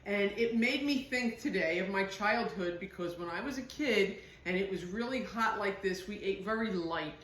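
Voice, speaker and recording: A woman's voice: mid-range voice, moderate pace, hardly any pauses, fairly bright tone, roomy sound. A middle-aged woman from northern New Jersey with a New Jersey accent, chatting homily while she makes a salad in her kitchen. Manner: chatty, homey, reminiscing. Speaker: home cooking host. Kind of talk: casual cooking demonstration.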